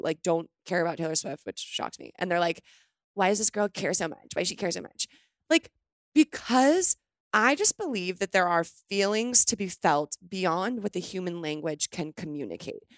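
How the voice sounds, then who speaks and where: A woman's voice: on the low side, fairly bright tone, no room sound, studio quality. A young woman co-hosting a casual podcast, talking in a gushing, rambling way and filling her speech with "like.". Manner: gushing, rambling, heavy use of "like". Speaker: podcast co-host.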